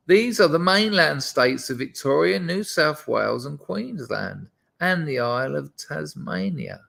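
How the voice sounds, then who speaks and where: A man's voice: on the high side, creaky, fairly bright tone. A man hosting a casual live stream, rambling and chatting to his viewers with self-deprecating asides. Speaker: livestream host.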